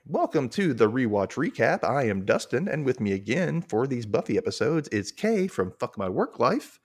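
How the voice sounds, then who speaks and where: A man's voice: medium pitch, normal speed, soft background music. A man hosting a casual podcast, chatty and laughing easily as he talks. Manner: chatty, animated, laughs often. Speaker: podcast host.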